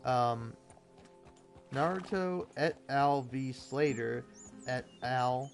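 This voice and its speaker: A man's voice: mid-range voice, extremely slow, creaky, soft background music. A young man giving a sarcastic, profane rant while reading an article aloud. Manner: profane, sarcastic, exasperated ranting. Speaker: gaming video creator. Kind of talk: ranting commentary reading an article.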